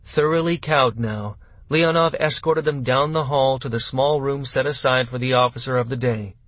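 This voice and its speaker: Measured male audiobook narrator, dry sound. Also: medium pitch, no room sound. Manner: steady, measured storytelling. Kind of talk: scripted narration.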